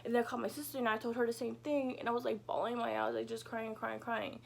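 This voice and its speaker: A woman's voice: on the high side, level tone, fast, vocal fry. A young woman vlogger telling a casual storytime from her bedroom, chatty and peppered with "like" and "you know," swearing freely. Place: home bedroom.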